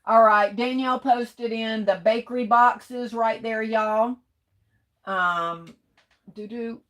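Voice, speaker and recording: A woman's voice: fairly high pitch, steady tone, slow. Chatty woman greeting viewers on a livestream. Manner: chatty, greets viewers warmly with "hey, baby". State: fighting off coughs and sneezes. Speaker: livestream host. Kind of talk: casual live chat reading comments.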